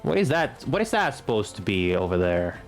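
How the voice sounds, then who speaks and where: A man in his late twenties streams a game and comments on it casually. He has a fairly low voice and a halting delivery, stumbling over words and restarting them. Faint game music runs underneath. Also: sing-song. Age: late 20s.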